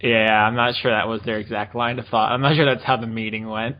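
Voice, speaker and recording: Mid-pitched male co-host, dry and exasperated, dull lo-fi recording. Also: little pitch movement, a little fast. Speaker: podcast co-host. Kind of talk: casual comedic chat. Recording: dull lo-fi audio.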